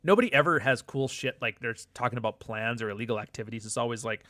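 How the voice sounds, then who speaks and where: A man's voice: medium pitch, quick pace, pushed and bright, no echo. A middle-aged man hosting a live show, chatting casually with viewers and reading their comments in a loose, profane, joking way. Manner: loose, profane, joking banter with frequent asides.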